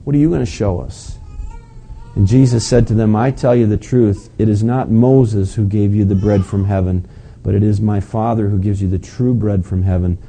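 A man's voice: fairly low pitch, mellow, a little hiss or hum, poor audio. A man preaching a sermon as pastor, reading scripture and asking the congregation rhetorical questions with rising emphasis.

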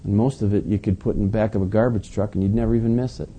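A man's voice: fairly low pitch, fairly even intonation, very fast, mellow, breathy edge. A man preaching a sermon in a conversational, folksy way, with joking asides to his congregation. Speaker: pastor.

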